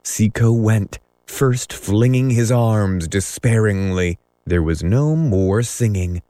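A man narrating a classic story as an audiobook, measured and dramatic. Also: lowish voice, mellow, no room sound. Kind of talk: audiobook reading.

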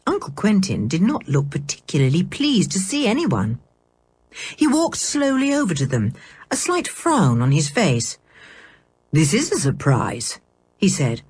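A woman narrating a children's storybook aloud in an expressive, animated reading style. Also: fairly low pitch, moderate pace, slightly rough. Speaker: audiobook narrator.

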